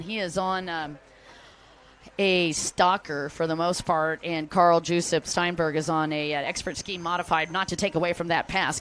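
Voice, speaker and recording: A woman's voice: lowish voice, a little hiss or hum. A woman announcing a jet ski race live, chatty and upbeat, joking with the crowd. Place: outdoor race venue by the water.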